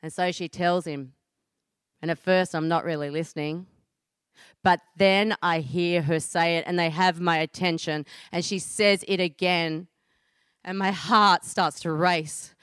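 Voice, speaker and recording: An Australian woman in her thirties tells her own story with earnest feeling and deliberate pauses. Her voice sits a little low and sounds smooth and clear, close and dry with no room around it. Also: steady tone, a bit bright, no echo. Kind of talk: personal storytelling performance.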